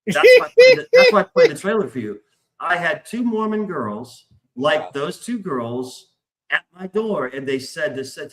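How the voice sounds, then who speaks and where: A middle-aged man hosting a podcast, telling a story in a casual, excitable way and swearing a lot. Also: high voice, moderate pace. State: stressed, hyped up. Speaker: podcast host.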